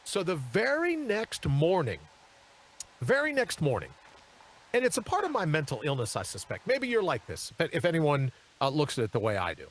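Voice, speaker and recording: A man hosting a live talk show, telling a story in an animated way and acting out the people in it. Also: fairly high pitch, normal speed. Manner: animated, acts out the people in his stories. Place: studio.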